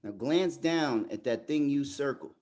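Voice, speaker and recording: A man facilitating a fathers' group workshop who talks emphatically and often repeats words as he restarts. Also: mid-range voice. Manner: turns soft and slow in reflective parts. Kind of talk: motivational workshop talk.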